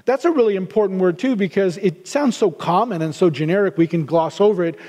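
High-voiced male pastor preaching in a hall. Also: a little fast, a little mellow. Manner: earnest, repeats words while restarting. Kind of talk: sermon.

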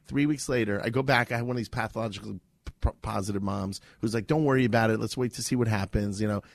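Fast-talking man telling a story. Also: on the low side, creaky. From Miami, USA. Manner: lively storyteller, acts out quoted voices. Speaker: guest. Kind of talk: animated interview storytelling. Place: office with a gathering.

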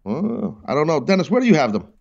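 A man hosts a sports call-in show in a brash, mock-indignant style. His voice sits a little high. The sound is somewhat muffled and lo-fi. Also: big pitch swings, quick pace, gravelly, darkish tone. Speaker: host. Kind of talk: sports talk radio call-in.

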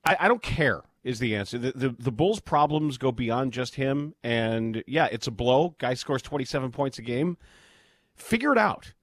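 A man's voice: medium pitch, moderate pace, hardly any pauses, no room sound. A man hosting sports talk radio in a studio, bluntly ranting with exasperation. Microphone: studio mic.

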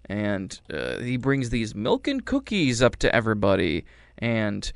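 This movie reviewer's lowish voice is gravelly yet smooth, swooping wildly in pitch as he talks a little slowly. He casually recounts a movie's story, rambling and wry, doing silly voices for the lines. No room sound is audible.

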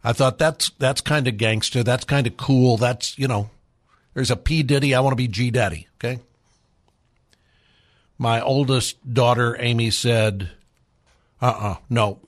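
A man's voice: medium pitch, measured pace. An older man, hosting a live call-in radio talk show in a chatty, self-deprecating way, often restarting his sentences.

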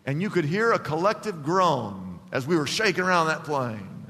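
A man pastor preaching a sermon emphatically, with big swings in pitch and loudness, in a church. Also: animated, moderate pace, in a large hall.

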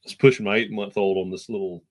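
A man's voice: lowish voice, steady tone, fast. A young man co-hosting a sports talk show, telling a personal story in a rambling, heartfelt way with lots of restarts. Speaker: podcast co-host. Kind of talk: casual chat, storytelling.

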